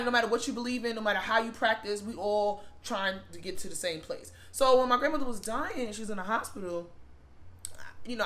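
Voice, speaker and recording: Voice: mid-range voice, bright, forceful tone. A vlogger telling a personal family story in a casual, rambling, heartfelt way, with many fillers and repeated words. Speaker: spiritual shop owner and vlogger.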